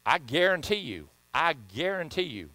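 A man's voice: on the high side, sing-song, moderate pace, pushed and bright, no room sound, low-quality recording. A man with a Southern US accent preaching a sermon as pastor, folksy and joking, often repeating himself.

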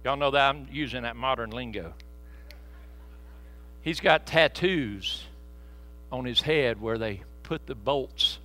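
Preacher, bright and folksy. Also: male voice, mid-range voice, rough recording. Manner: folksy storytelling, swinging from soft asides to loud peaks. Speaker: pastor. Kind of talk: sermon. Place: church sanctuary. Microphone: handheld microphone.

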